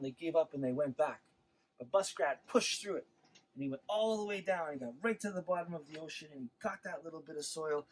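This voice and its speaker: A man telling a traditional legend to schoolchildren in an animated, expressive way. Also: on the high side, breathy edge, rough recording. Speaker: storyteller.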